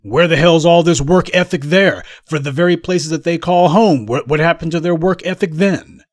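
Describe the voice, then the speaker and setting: Male commentator, scornful and combative, slightly high voice, dry close sound. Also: moderate pace, no room sound. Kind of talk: ranting commentary.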